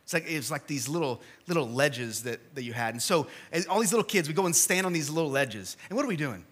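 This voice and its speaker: A male pastor in his thirties, with a fairly high pitch, speaks fast and animatedly while preaching a casual, story-driven sermon in a church. He swings between loud emphasis and hushed asides.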